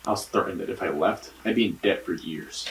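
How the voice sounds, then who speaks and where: An actor playing a guarded, deep-voiced interrogated man. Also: a little fast, recorded from a distance, very noisy, close to an everyday voice. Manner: evasive, bitter, swearing. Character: defensive, guarded young man under police interrogation. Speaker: man questioned by police in a mystery game.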